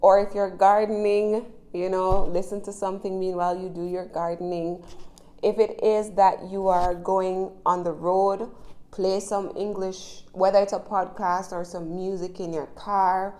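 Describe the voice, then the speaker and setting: Her delivery is flat and unhurried, medium in pitch and a little mellow. With a Jamaican accent, she runs a casual, chatty English lesson, encouraging the listener and checking in often through tag questions.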